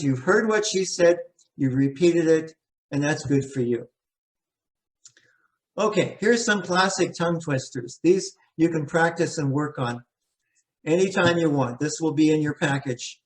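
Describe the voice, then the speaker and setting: Guy running a pronunciation workshop, slightly high voice, drills words slow and careful. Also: a little mellow. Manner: demonstrates word pairs slowly, repeating sounds. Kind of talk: workshop teaching.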